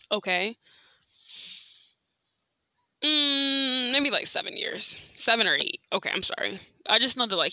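A woman's voice: mid-range voice, gravelly, bright, forceful tone, no echo. A young adult woman hosting a podcast, telling a story in a heated, profane, casual way that is full of "like" fillers. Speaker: podcast host.

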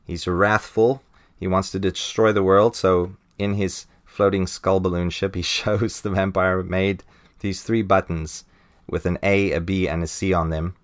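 A man hosting a podcast, casually reviewing a comic book, chuckling often and putting on high voices for quoted lines. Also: little pitch movement, unhurried. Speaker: podcast host.

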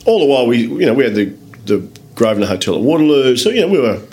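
A man with an Australian accent, a guest telling lively anecdotes in a casual interview, swearing freely and acting out other people's lines. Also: medium pitch, quick pace. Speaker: guest, business owner. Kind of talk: casual storytelling in a podcast interview.

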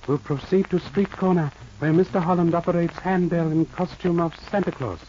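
An actor playing a calm, shrewd detective who speaks in clipped, formal broken English in a 1940s radio drama. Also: male voice, on the high side, moderate pace, lightly acted. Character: shrewd aphorism-quoting Chinese detective, calm. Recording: muffled old radio recording, faint hiss.

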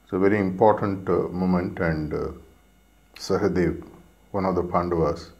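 A man who teaches meditation gives a reflective storytelling talk. He speaks hesitantly and pauses with frequent fillers. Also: sits low, steady tone, gravelly, darkish tone.

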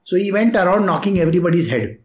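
Lively man telling a story. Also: high voice, fast. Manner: chuckling often, acts out voices. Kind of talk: casual spiritual storytelling. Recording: echoey room.

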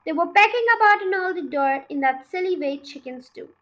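Woman reading a kids book aloud, lively, really high voice. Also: brisk, low-quality recording. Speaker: podcast storyteller.

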